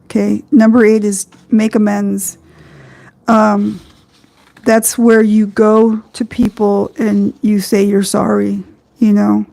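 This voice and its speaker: A woman hosting a podcast, talking slowly about spiritual matters, halting often with ums and you-knows. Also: mid-range voice, little pitch movement, gravelly, mellow. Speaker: podcast host. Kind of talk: reflective spiritual talk.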